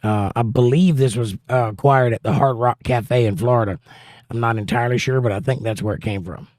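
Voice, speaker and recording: A man's voice: mid-range voice, a little fast, a little mellow, dry recording, clean studio sound. A man hosting a livestream in a casual chat, reading out viewer comments with a jokey, chatty manner.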